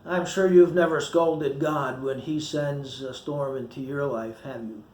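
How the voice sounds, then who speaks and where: A man's voice: medium pitch, steady tone, a little slow, a little mellow, roomy sound. A male pastor giving a short sermon, reading scripture with feeling and acting out the quoted voices. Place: church.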